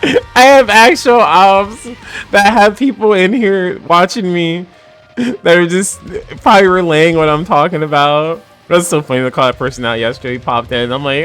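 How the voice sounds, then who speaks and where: A woman's voice: lowish voice, normal speed, soft background music. A woman from New Jersey with a New Jersey accent, a little tipsy, chatting casually on a livestream, laughing often and swearing freely.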